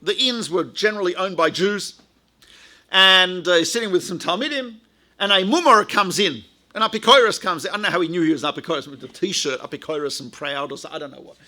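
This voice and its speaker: Chatty storytelling rabbi, bright voice. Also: male voice, sits high, a little fast. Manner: chatty, anecdotal, frequent asides to the audience. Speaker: rabbi and lecturer. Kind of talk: storytelling lecture.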